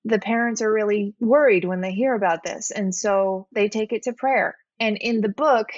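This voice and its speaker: A woman speaking as a podcast guest in an earnest, reflective way, at a mid pitch. The sound is slightly muffled and lo-fi, with a close, dry quality and no room echo. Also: moderate pace. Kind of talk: heartfelt interview talk.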